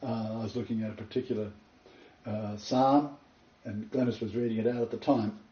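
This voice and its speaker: A man's voice: fairly low pitch, normal speed. Earnest man teaching from the Bible. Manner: earnest, emphatic, building to excited points. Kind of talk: spoken Bible teaching, storytelling. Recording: roomy, far from the mic, dull lo-fi.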